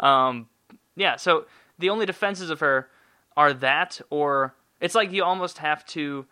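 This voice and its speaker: Solo podcast host, male, profane and sarcastic rambler, sharp bright tone, dry recording. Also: mid-range voice, no room sound.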